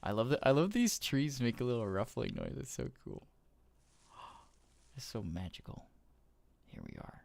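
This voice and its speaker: A man giving casual gameplay commentary, gushing with awe and often trailing off into soft murmurs. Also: mid-range voice, very animated, moderate pace, vocal fry, long pauses. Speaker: gaming YouTuber.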